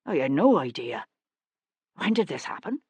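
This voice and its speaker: A woman voicing a timid, awkward young gentleman who speaks softly and hesitantly, his sentences rising like questions. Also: sits low, big pitch swings, normal speed, breathy edge, no room sound, voice pushed down, exaggerated voice. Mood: meek. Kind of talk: audiobook character voice.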